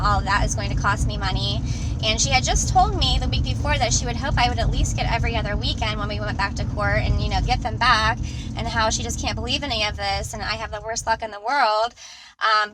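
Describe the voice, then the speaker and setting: A woman's voice: on the high side, heavy background noise. A woman recording a personal vlog in her car, talking in an upset, rambling way with many restarts. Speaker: mother in a custody dispute. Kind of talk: personal vlog while driving.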